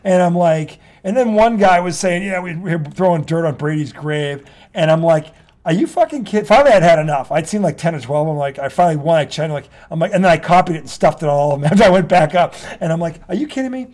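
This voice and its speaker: A man's voice: fairly high pitch, fast, darkish tone. A man hosting a casual sports talk show, ranting with lots of profanity.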